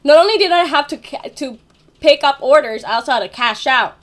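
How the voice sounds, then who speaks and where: High-voiced young woman rambling casually. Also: animated, fairly quick, a bit bright. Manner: rambling, filler-heavy, casual swearing. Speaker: vlogger. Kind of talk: casual storytelling.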